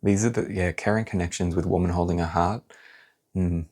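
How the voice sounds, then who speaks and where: A man doing a pick-a-card tarot reading, talking in a blunt, animated, casual way and swearing now and then. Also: low voice, brisk.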